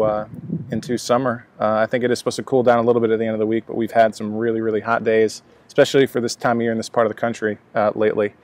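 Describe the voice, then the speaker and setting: A man's voice: medium pitch, a little hiss or hum. A man casually reviewing a cigar outdoors, rambling with many fillers and restarts. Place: outdoors at a laptop, breezy day.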